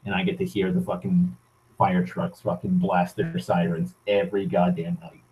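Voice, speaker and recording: A young Massachusetts vlogger rants casually into his camera, his low, fairly flat voice moving at a normal speed with a slightly mellow quality. The talk is thick with profanity, sardonic asides and rambling restarts, and the audio quality is poor.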